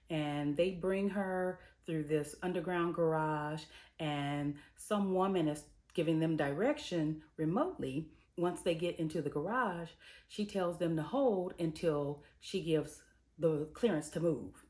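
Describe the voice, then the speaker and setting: Low-voiced woman recapping a TV episode. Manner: lively storytelling, slipping into characters' voices; colloquial, slangy. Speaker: TV reviewer and host.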